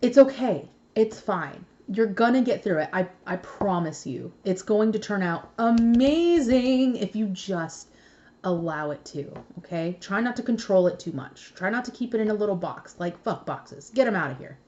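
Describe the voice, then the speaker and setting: A woman's voice: mid-range voice, expressive, moderate pace, dark tone, highs cut off. A young woman giving a casual tarot reading, chatty and blunt, swearing freely and laughing often. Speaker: tarot reader.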